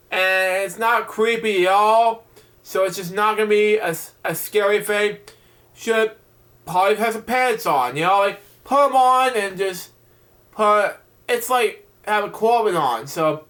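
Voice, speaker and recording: A man with a high, bright voice reads a bedtime picture book aloud. He trips over words, restarts lines and keeps breaking off to chat about the story in a loose, offhand way. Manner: halting, stumbles and restarts words, chatty side comments. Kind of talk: reading a children's book aloud with casual asides.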